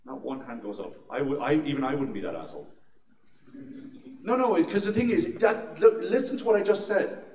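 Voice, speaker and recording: A man's voice: a little high, moderate pace, a little mellow. A man with an Irish accent delivers a joking, conversational conference talk. His voice carries through an echoey hall from some distance off, over a faint room hum. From Ireland. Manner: jokey and conversational, with frequent "right?" asides. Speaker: conference speaker. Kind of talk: humorous security talk. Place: large conference atrium.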